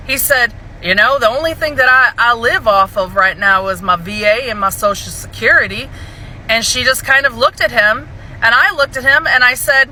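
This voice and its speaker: A woman's voice: sits high, expressive, moderate pace, sharp tone, slight background noise, rough recording. A woman telling a story casually and animatedly, swearing freely and acting out both sides of a conversation. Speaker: storyteller in a clip.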